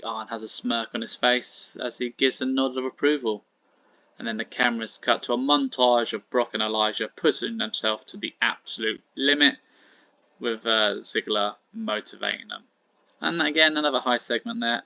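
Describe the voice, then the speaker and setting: A man's voice: medium pitch, fairly even intonation, moderate pace, pushed and bright, no room sound. A man casually narrating a wrestling simulation game, with frequent fillers. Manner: casual, with many fillers and "sort of". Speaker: wrestling sim host. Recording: dull, lo-fi and dry.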